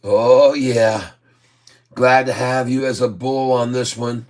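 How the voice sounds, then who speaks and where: A man's voice: medium pitch, fairly even intonation, takes it slowly. A man hosting a casual stock-chat livestream, talking in a jokey, rambling way and chuckling often. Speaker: livestream host.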